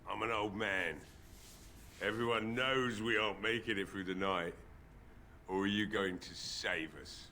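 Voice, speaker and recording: A man voicing a gruff, bitter old village blacksmith who is drunk, with a weary drinker's drawl, in a video game. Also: lowish voice, steady tone, measured pace, sharp tone, slight background noise. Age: older.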